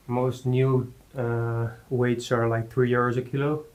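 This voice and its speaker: A man giving a casual workout talk in his home gym, halting with many fillers and out of breath between sets. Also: medium pitch, little pitch movement, low-quality recording. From Netherlands. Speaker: fitness vlogger.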